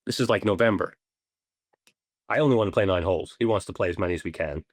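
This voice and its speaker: A man, a podcast guest, telling stories in a casual, animated way, swearing now and then and acting out what people said. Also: sits low, fast. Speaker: podcast guest, ball marker maker. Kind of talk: casual storytelling interview.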